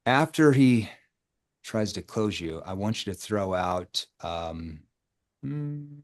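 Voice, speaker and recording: A man's voice: fairly low pitch, animated, slow pace. A man running a live sales coaching session over a video call, who keeps quizzing the group with rhetorical questions. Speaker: sales trainer.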